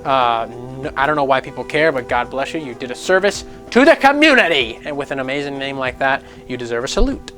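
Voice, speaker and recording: A young man hosting a casual gaming news vlog, animated and sarcastic, swearing freely and mocking people in put-on voices. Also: mid-range voice, fairly quick, hardly any pauses, soft background music. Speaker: gaming news channel host.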